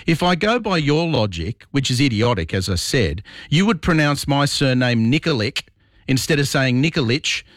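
Australian male radio host, mid-pitched, blunt and opinionated, dry close studio sound. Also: a bit bright, no echo. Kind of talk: talkback radio. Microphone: broadcast studio mic.

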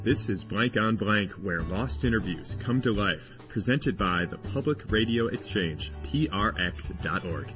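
A male host giving scripted radio narration in a smooth, measured way. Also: fairly low pitch, animated. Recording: muffled, with music under.

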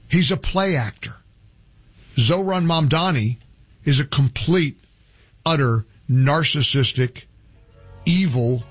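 A slightly rough, mid-range male voice fills a radio studio during a talk show. The host argues his opinions in a heated, animated monologue, with plenty of stumbling restarts.

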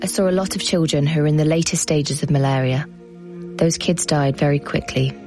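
A woman's voice: deep voice, fairly quick, music in the background, pitched below the performer's own voice. A woman reading a grave woman doctor's words. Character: woman doctor recalling dying children.

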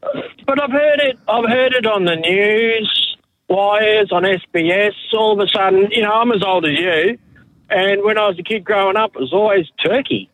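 Australian man, radio caller, friendly and puzzled, fairly high voice, phone line. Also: moderate pace, a bit bright.

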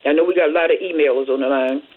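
A woman hosting a community radio show, reading announcements in a folksy way and chatting with listeners as she repeats phone numbers slowly. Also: low-pitched. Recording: tinny phone-like radio audio.

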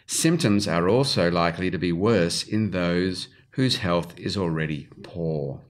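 Very deep-voiced man reading on radio. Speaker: radio reader. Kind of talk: reading a magazine article aloud on radio.

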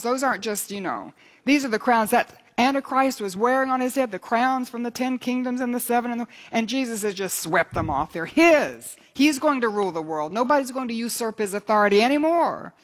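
A woman's voice: a little high, lively intonation, fairly quick. An older woman preaching a sermon with earnest fervor, her voice climbing when she reads scripture aloud. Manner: earnest, fervent, rises for scripture readings.

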